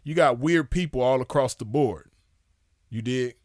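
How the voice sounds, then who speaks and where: A man commenting casually in a loose, drawling voice of middling pitch. He sounds scornful. The sound is close and dry, with no room around it. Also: unhurried, a little mellow, dry recording.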